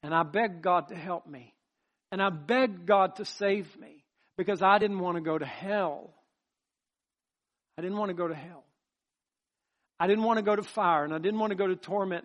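A man with a notably high-pitched voice delivers a sermon. He preaches in a repetitive, rising cadence and works his personal testimony into the message. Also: a bit bright.

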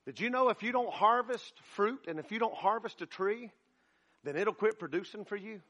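Pastor, man, very high bright voice, folksy joking sermon. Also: normal speed, lo-fi sound.

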